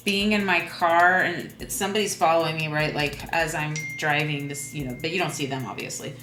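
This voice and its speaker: A woman's voice: low-pitched, fairly even intonation, fairly quick. A woman stand-up comedian in casual interview chat, playful and loose, laughing often as she talks. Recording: roomy room with faint music.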